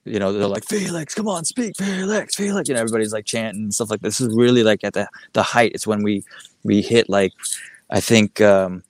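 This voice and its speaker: A man's voice: fairly low pitch, flat delivery, quick pace, dry recording. A middle-aged man from the American Midwest telling a rambling story as a guest, full of "like" and "you know" with many restarts. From Midwest United States. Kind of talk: casual storytelling interview.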